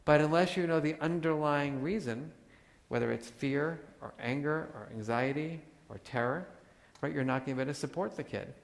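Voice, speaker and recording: A man giving a live talk to an audience, animated and joking as he acts out examples. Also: on the high side, moderate pace, vocal fry, hardly any pauses. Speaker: workshop speaker. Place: large hall with audience. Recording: hall reverb.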